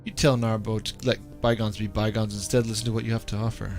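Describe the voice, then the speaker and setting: A man's voice: on the low side, flat delivery, fast talker, soft background music. A man streaming a game, reading its story text aloud and adding casual remarks of his own. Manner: reads narration evenly, then breaks off into chatty asides.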